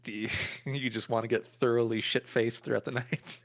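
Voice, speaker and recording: A man's voice: medium pitch, steady tone, moderate pace, vocal fry. A man running a tabletop role-playing game as game master, narrating casually and laughing often. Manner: casual, laughing between lines.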